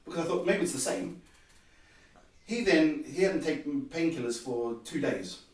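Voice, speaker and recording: A man, a podcast guest, telling a personal story in an animated way and acting out the dialogue. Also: a little high, moderate pace. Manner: animated, acts out quoted dialogue. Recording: very echoey room, distant mic.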